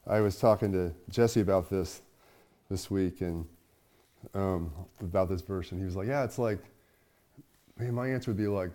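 Middle-aged male pastor, conversational sermon, shifts between emphatic and soft. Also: low voice, moderate pace, long pauses. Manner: conversational, swings from loud to hushed.

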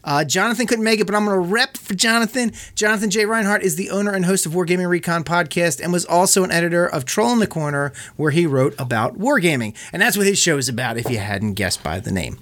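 A man's voice: high voice, animated, fast, hardly any pauses, a bit bright. A man hosting a casual podcast, chatty, laughing often and restarting his sentences. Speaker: podcast host.

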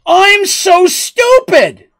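A man voicing a hyperactive, scatterbrained young half-Kender girl who is very short, in a high, excited babble. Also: very slow, full character voice. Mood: flustered.

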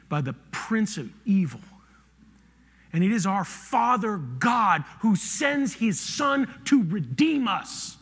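Man, pastor, sermon, high bright voice, animated, loud to hushed, long hall reverb. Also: slightly rough.

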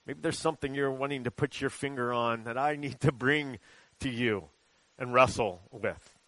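Chatty man preaching a relaxed sermon. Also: medium pitch, normal speed, no echo, rough recording. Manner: relaxed and chatty, many ums and uhs. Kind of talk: conversational sermon with prayer.

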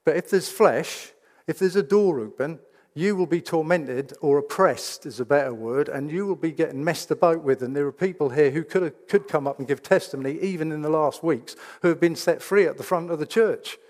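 A man's voice: a little high, normal speed, darkish tone. Emphatic male preacher. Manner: emphatic, rhetorical questions. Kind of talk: sermon. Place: church. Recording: reverberant church hall.

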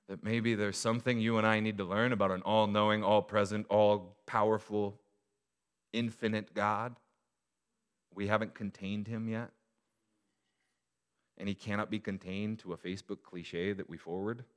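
A male pastor preaching a sermon to his church, moving from quiet reflection to loud, emphatic appeals. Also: fairly low pitch.

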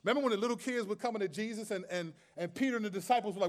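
A man's voice: high-pitched, very fast. A man preaching a sermon as pastor, conversational and streetwise, with humor and rhetorical questions.

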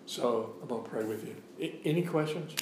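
A man's voice: medium pitch, brisk, roomy sound, noisy background. A man giving a sermon as a guest preacher in a church, preaching in a conversational way and repeating phrases for emphasis. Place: church sanctuary.

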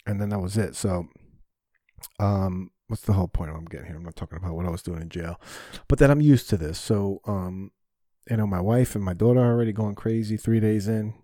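A man's voice: lowish voice, a little fast, warm tone, dry recording, clean studio sound. A man hosting a solo podcast, talking candidly and rambling, often swearing when frustrated. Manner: candid, self-reflective. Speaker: podcast host.

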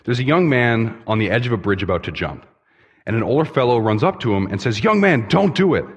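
A young man, a pastoral intern, giving a sermon in a church, relaxed and conversational in his storytelling. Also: on the low side, fast, slightly rough. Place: church sanctuary. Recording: long reverb in a church hall.

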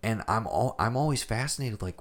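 A man's voice: lowish voice, animated, a little fast. A man co-hosting a podcast in casual chat, thoughtful and hedging, often restarting his sentences. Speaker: podcast co-host.

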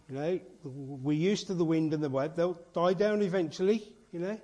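A man's voice: fairly high pitch, normal speed, few pauses, mellow. A man preaching an informal sermon as a church elder, earnest and chatty, full of rhetorical questions and asides.

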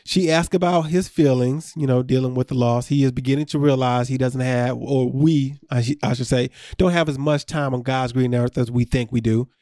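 A man's voice: mid-range voice, fairly even intonation, moderate pace, few pauses, dark tone, no echo, clean studio sound. A man co-hosting a podcast, recapping a reality show in loose casual chat and laughing often.

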